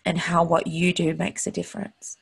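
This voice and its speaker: Host, woman, earnest motivational monologue; husky, lowish voice, openly emotional. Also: monotone, moderate pace.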